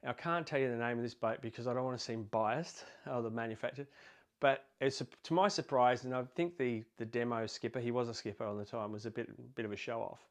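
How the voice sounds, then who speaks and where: Aussie guy teaching about boats, loose and rambly, lots of ums, mid-pitch voice. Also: quick pace. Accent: Australian. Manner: rambling, hesitant, many fillers and restarts. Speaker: boating instructor. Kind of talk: casual explanatory teaching with anecdotes.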